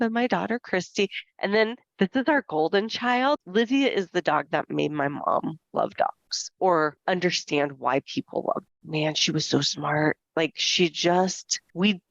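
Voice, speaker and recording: A woman's voice: lowish voice, no echo. Chatty podcast lady, forties, tells stories and does little voices, dry dead-sounding mic. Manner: lively storyteller who acts out quoted voices. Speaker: podcast co-host. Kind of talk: casual chat. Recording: dull, dry lo-fi podcast audio.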